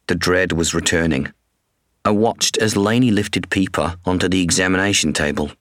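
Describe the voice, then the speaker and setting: A man with a very low voice reads a first-person story in a measured, somber way. He is close to a studio mic. The sound is completely dry, with no room echo. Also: a bit bright. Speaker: audiobook narrator. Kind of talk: first-person scripted narration.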